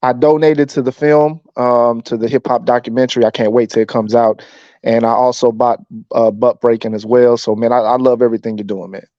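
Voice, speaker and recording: A man's voice: medium pitch, steady tone, brisk, warm tone, dry recording. Agreeable male caller, dull phone sound. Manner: agreeable, laughing along. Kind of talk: casual chat.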